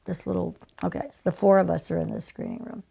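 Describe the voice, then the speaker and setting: An older woman, a casting director, telling stories in an interview, animated and acting out the people she quotes. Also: fairly low pitch, fast talker, creaky, husky. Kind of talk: casual interview storytelling.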